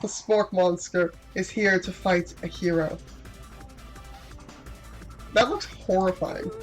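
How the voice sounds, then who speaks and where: A woman's voice: on the low side, takes it slowly, faint music behind, poor audio. A woman playing through a dating game, reading its text aloud with playful, giggly asides. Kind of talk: casual gameplay commentary.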